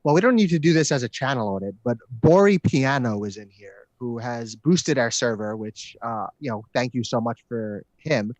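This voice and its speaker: A man co-hosting a casual livestream, chatty and quick to laugh. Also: medium pitch, lively intonation, a little mellow, no room sound, muffled recording. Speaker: livestream co-host.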